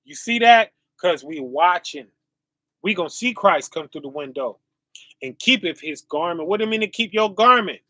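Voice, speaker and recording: A man's voice: sits high, animated, pushed and bright, no echo. A male preacher, reading scripture and asking his listeners "right?" as he goes. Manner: call-and-response asides, often asking "right?"; reads verses slowly and drawn out.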